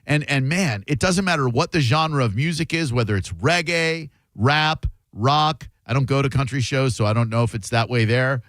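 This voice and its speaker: A man's voice: mid-range voice, normal speed, few pauses, a bit bright, no room sound. A man hosting a radio show, chatting casually with callers in a sarcastic, playfully mock-indignant way. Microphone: studio microphone.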